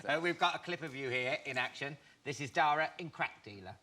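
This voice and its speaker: A man's voice: a little high, fairly quick, bright, forceful tone. A man hosting a chat show, asking teasing, giggly questions.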